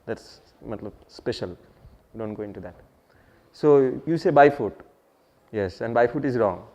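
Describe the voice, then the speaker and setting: A warm, mid-range male voice with lively intonation and a moderate pace belongs to an English teacher with an Indian English accent. He explains word meanings partly in Hindi, puts questions to his students, and repeats key phrases, all captured in a dull, lo-fi classroom recording.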